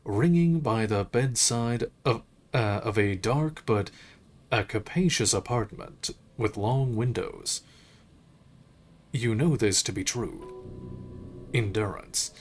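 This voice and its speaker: A man streaming a game, reading its narration aloud in a measured, unhurried way with occasional slips. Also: lowish voice, slight background noise.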